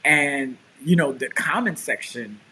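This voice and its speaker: A man's voice: a little high, measured pace, a little hiss or hum, low-quality recording. A man, a pastor and show co-host, telling a story in casual chat and acting out the quotes. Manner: animated storyteller, acts out quotes.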